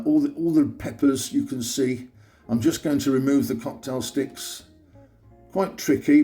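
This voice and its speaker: A man runs a home cooking demonstration in a mellow, relaxed voice, explaining each step in a chatty, upbeat way. Soft guitar music plays quietly behind him. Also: medium pitch. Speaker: cooking show host.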